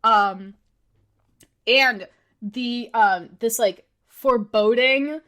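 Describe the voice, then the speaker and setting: A woman's voice: fairly high pitch, very slow, fairly bright tone. A woman co-hosting a podcast, chatting casually and enthusiastically with lots of "like" and "um" and frequent giggles. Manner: rambling, fills speech with "like" and "um". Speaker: podcast co-host.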